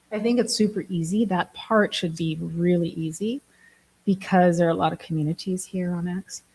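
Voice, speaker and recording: Chatty, breathy woman from Germany. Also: on the low side, fairly even intonation, measured pace, a little mellow, poor audio. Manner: chatty, laughs often, self-mocking. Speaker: vlogger, app builder. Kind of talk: casual chat to camera.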